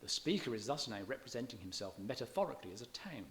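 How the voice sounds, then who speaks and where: A man giving a public lecture on poetry, measured and scholarly, slowing down to read verse aloud with stressed beats and sometimes restarting his words. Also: mid-range voice, big pitch swings, fairly bright tone. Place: church hall.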